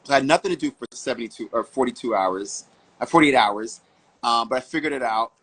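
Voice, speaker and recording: A man from Harlem, New York, telling stories as a fashion model guest in an interview, animated and full of vivid asides. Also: medium pitch, brisk, slightly rough, rough recording. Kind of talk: storytelling interview answers.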